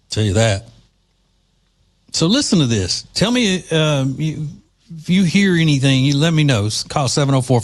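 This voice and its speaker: Lively mocking male podcast host. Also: medium pitch. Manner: mocking, sarcastic, chatty asides. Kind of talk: political commentary podcast.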